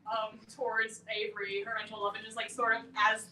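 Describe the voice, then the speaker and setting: A woman's voice: fairly high pitch, completely flat delivery, a little fast, pushed and bright. A young woman, a debut author at a book launch, chatting casually with lots of "like" and "um" and frequent laughter. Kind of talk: casual chat at a live event. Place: bookstore event room. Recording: echoey room, mic at a distance, faint hiss.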